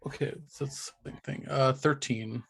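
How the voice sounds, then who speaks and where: A man's voice: mid-range voice, steady tone, normal speed, vocal fry, fairly bright tone, faint music behind. A man playing a tabletop game, chatting casually and hesitantly with many fillers. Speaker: player.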